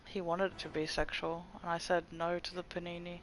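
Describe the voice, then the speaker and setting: A young man chatting casually to his viewers during a game livestream, excitable and swearing often. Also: sits high, a little fast, slight background noise, rough recording. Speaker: gaming livestreamer. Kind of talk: casual live commentary to chat.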